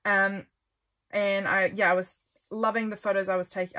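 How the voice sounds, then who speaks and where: A woman's voice: medium pitch, flat delivery, normal speed, a bit bright. A young woman chatting casually as she flips through her journal, rambling and correcting herself as she goes. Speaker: journaling vlogger.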